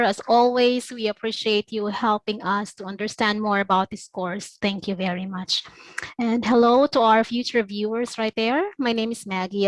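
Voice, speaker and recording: A woman speaking as an admissions officer in a mid-pitched voice, recorded dry and close. She is polite and formal and thanks everyone as she presents the course. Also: dry recording, rough recording.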